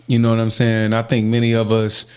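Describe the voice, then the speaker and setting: A man hosting a podcast, telling a story in casual chat, profane and animated and often laughing. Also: on the low side, brisk. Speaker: podcast host.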